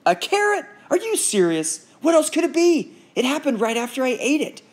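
Male reader voicing a jumpy, fretful young boy in a storybook, high and lively. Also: normal speed. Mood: anxious. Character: young boy, anxious and excitable.

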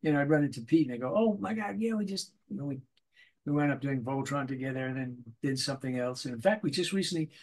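At a quick pace and medium pitch, this older man, a guest voice actor, tells stories animatedly during a casual interview, slipping into little character voices along the way.

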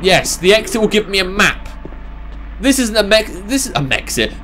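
A man's voice: on the high side, moderate pace, sharp tone, slight background noise. Sarcastic man playing a game. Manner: sarcastic, swearing, talks to the game. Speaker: gaming commentator. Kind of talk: casual let's-play commentary.

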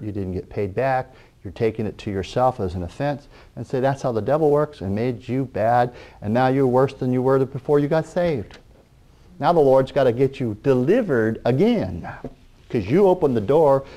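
A middle-aged man preaching a sermon, animated, acting out the people in his stories. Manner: animated, acting out quoted people in raised pitch.

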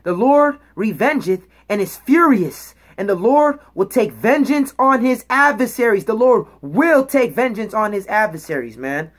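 On the high side and animated, this woman's voice is unhurried and carries few pauses. In an emphatic preaching manner she teaches the Bible, reading verses aloud, explaining the wording, and checking with her listeners via "okay?" and "all right?" as she finishes each point.

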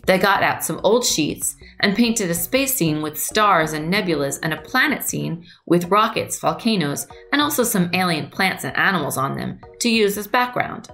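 A woman reads a story aloud to young children and then walks them through a craft, gentle and patient. Her voice is lowish with a gravelly edge. Soft music plays faintly behind her. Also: lively intonation, moderate pace, few pauses. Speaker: museum storyteller and craft presenter.

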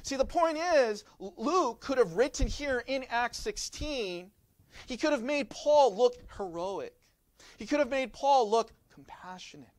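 A man's voice: very high-pitched, lively intonation, a little slow, dry recording. A man preaching a sermon as pastor, explaining in a teaching manner and often turning to the listeners with rhetorical questions.

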